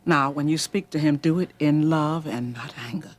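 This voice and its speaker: Low-voiced gentle advisor, soothing radio drama counselor. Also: female voice, normal speed. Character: calm wise woman counseling a mother.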